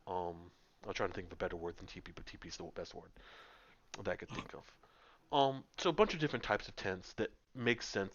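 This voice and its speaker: A man's voice: on the low side, a bit bright. A man narrating a tabletop game as game master, describing scenes at length with frequent ums, over muffled voice-chat audio. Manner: descriptive, many filler ums.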